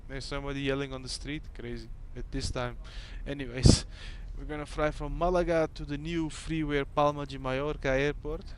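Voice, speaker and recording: A man's voice: fairly high pitch, steady tone, fairly quick, hardly any pauses, a little hiss or hum. A man whose first language is Dutch, chatting casually and thinking aloud as he runs cockpit checks while streaming a flight simulator. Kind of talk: casual gameplay commentary.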